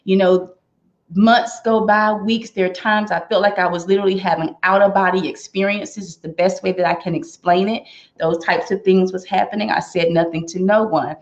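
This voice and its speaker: A woman's voice: mid-range voice, steady tone, moderate pace, lo-fi sound. Woman telling a personal testimony. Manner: earnest storytelling, acts out quoted remarks. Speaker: product testimonial speaker.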